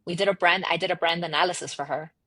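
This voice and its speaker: A woman speaks as a podcast guest in a husky, slightly breathy voice, recorded close and dry. She talks in a lively, emphatic way, slipping into quoted dialogue and doubling back on her words to drive a point home. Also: lowish voice, fast, no echo. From United States, daughter of immigrants. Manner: animated storyteller, acts out quoted dialogue, emphatic repetitions. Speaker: podcast guest, marketing entrepreneur. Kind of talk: casual conversational interview.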